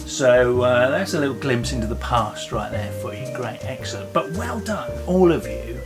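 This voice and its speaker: A man's voice: medium pitch, expressive, moderate pace, music in the background. A man presenting a playful children's talk in an online church service, upbeat and joking as he banters with a silent puppet. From England.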